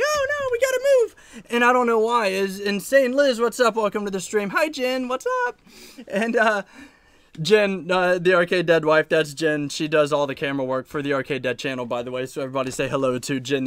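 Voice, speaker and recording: A man hosting a live stream from his room, telling a long story in a rambling, animated way and laughing often. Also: on the high side, clean tone, no echo. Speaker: arcade channel host.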